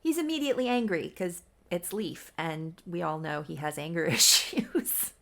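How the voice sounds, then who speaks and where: A woman recaps a melodramatic story in a relaxed, chatty way, tossing in quick asides. Her voice sits a bit low and carries a gravelly fry. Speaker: channel host.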